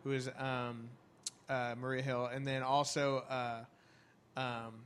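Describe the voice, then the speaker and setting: A man's voice: mid-range voice, takes it slowly, clean tone. A man in casual chat, recapping an event with lots of ums and casual swearing. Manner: rambling, excited, swears freely, many ums.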